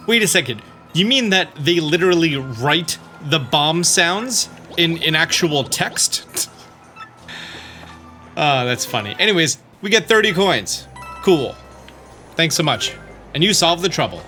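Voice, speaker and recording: A man's voice: on the high side, sing-song, unhurried, pauses often, bright, forceful tone. A man hosting a game walkthrough, chatting casually as he plays and reading the characters' lines aloud in his own voice. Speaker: let's play host. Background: faint game music.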